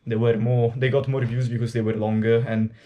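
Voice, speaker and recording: An Italian man, a native speaker from Italy, chats casually and candidly to the camera mid-workout, rambling and swearing freely as a fitness vlogger. His voice sits at a medium pitch with little movement, and he talks fairly quickly over lo-fi sound.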